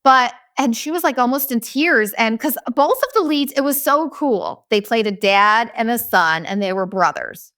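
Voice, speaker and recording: A woman's voice: fairly high pitch, expressive, normal speed, hardly any pauses, a bit bright. A woman in her forties hosting a podcast, telling a comedic story in a blunt, profane, ranting way. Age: 40s. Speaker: podcast host. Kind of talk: casual comedic storytelling monologue.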